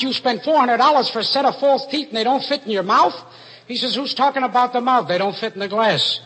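A man telling rapid stand-up jokes in deadpan one-liners, on an old broadcast recording. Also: very high voice, background noise. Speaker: stand-up comedian.

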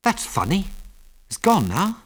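A man voicing a young male airman who is eager and excitable, with quick, raised exclamations. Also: high-pitched, voice pushed up, exaggerated voice. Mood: excited.

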